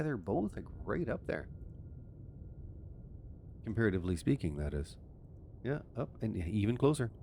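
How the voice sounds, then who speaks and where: A man's voice: fairly low pitch, darkish tone, slight background noise. A man from Canada giving rambling, self-amused commentary while playing a game as a channel host. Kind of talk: casual let's-play commentary.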